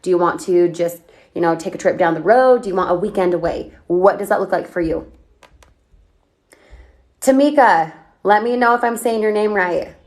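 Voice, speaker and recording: A woman coaching on a livestream, talking energetically and firing off questions at her viewers as she reads their comments. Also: fairly low pitch. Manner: energetic, chatty, asks rapid questions. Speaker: online business coach.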